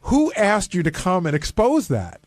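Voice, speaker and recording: A high-voiced man questions a colleague in casual radio banter, probing and a little incredulous. He sits close on a dry studio mic. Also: huge pitch swings, moderate pace, no room sound. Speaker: radio show regular. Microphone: studio microphone.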